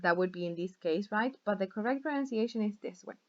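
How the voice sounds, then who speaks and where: A woman's voice: mid-range voice, dull audio. A woman teaching English as a recorded online lesson, speaking English, patient and often checking in with the class. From Latin America. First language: Spanish. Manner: slow, patient, checks in with "right?" and "okay?".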